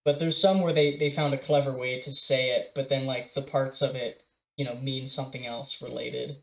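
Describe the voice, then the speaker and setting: A young man co-hosting a casual podcast, relaxed, chuckling and restarting his sentences. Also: medium pitch, normal speed, vocal fry. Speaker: podcast co-host. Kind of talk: casual chat. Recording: roomy echo.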